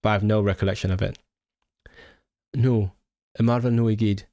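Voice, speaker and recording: A man's voice: fairly low pitch, fairly even intonation, fairly quick, mellow, dry recording. A young man from Hong Kong chatting on a livestream as a language-learning streamer, reading viewer questions aloud, laughing often and restarting words, into a big microphone close to his face. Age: young adult. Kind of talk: casual livestream Q&A. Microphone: large microphone close to the face.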